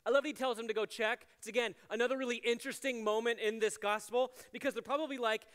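Chatty high-voiced man preaching in a chapel. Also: steady tone, fast talker, fairly bright tone, clear, resonant tone. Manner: chatty, with many "like" fillers and playful asides. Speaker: chapel ministries director. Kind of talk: casual conversational sermon. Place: university chapel. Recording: long hall reverb in a chapel.

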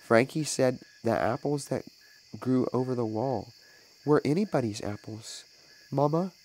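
A man's voice: mid-range voice, a little slow, a little mellow, poor audio. A man voicing a small guilty boy who stammers and pleads to defend himself. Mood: pleading. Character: small guilty boy caught with stolen apples.

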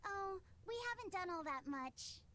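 A woman voicing an excitable, enthusiastic young girl on a pirate crew in game dialogue. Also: very high voice, normal speed, slight background noise, full character voice. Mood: eager.

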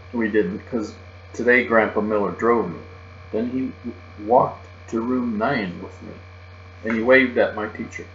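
Guy reading a kids' book out loud, kinda low voice, echoey muffled room with a hum. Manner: reads in a child's first-person voice, lively and expressive. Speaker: reader. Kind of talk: storybook read-aloud. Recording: muffled, roomy recording with mains hum.

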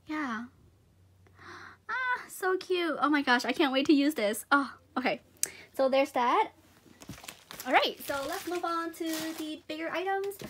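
A woman's voice: high-pitched, fairly bright tone, slight background noise. A young woman gushing and giggling as she unboxes gifts in a casual vlog.

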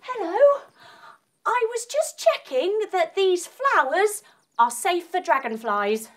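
A woman voicing a cheerful, quick-talking young male bee in a children's yoga story. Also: very high voice, big pitch swings, pitched above the performer's own voice, full character voice. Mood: chirpy. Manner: chirpy, quick, polite.

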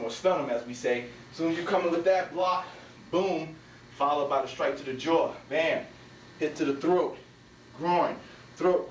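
Male martial arts instructor, mid-pitch, demo narration, echoey hall, off-mic. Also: slight background noise. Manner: talks while demonstrating moves, punctuated with "bam" and "boom". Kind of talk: demonstration walkthrough. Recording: echoey room, from a distance.

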